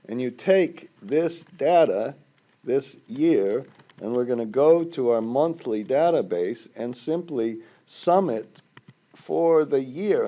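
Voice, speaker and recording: A man's voice: medium pitch, warm tone, lo-fi sound. Rambling older man teaching spreadsheets. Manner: rambling, self-correcting, with sudden emphatic bursts. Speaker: finance instructor. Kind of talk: screen-recorded spreadsheet tutorial.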